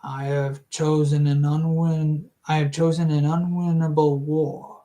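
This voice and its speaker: Reader voicing a massive, terse warrior, low and hushed, slow and grim. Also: level tone, lightly acted. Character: huge quiet man bent on a hopeless war.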